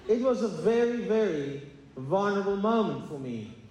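Pastor preaching in echoey church. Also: male voice, high voice, lively intonation, moderate pace, background noise. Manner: earnest, confessional preaching with many fillers and restarts. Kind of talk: sermon. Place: church sanctuary. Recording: echoey hall, faint ambience.

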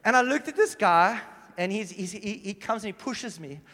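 A man preaching a sermon, telling stories animatedly and swinging from hushed to loud. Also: sits high, animated, moderate pace. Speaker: pastor. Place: church hall. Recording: long reverb in a church hall.

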